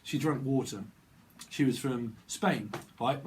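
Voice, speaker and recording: A man's voice: mid-range voice, lively intonation, takes it slowly, a little hiss or hum. A man rambling through a channeled tarot reading, hopping between wordplay and chuckling at his own jokes. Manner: rambling free-association wordplay, laughing at himself. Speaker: tarot reader.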